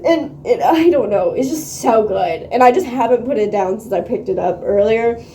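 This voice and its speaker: High-voiced woman, excitable slangy book vlogger, roomy echo on a phone mic. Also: normal speed, slight background noise. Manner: excitable, slangy, swears freely, laughs often. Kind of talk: casual reading vlog chat. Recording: echoey room on a phone mic.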